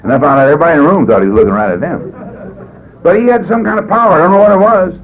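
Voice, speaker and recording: His fairly high voice racing, a man recounts his life at a recovery meeting, wandering and folksy, with a wry sense of humor. The meeting-room testimony is preserved on tinny lo-fi tape with faint hiss.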